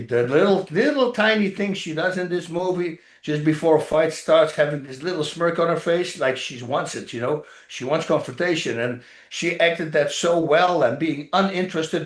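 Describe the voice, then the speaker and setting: An animated man tells rambling stories as an interview guest, slipping into other people's voices as he goes. His voice sits a little high for a man. The recording carries a noticeable roomy echo. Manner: animated, rambling anecdotes, acts out other people's lines, laughs often. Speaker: actor and former fighter, interview guest. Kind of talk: casual interview storytelling. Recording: roomy echoey sound.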